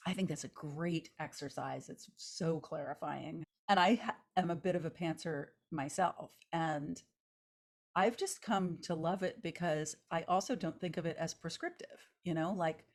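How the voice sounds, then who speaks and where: A woman's voice: low-pitched, moderate pace. A woman co-hosting a casual chat about novel writing, rambling with lots of "like" fillers and frequent laughs. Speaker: podcast co-host, novelist.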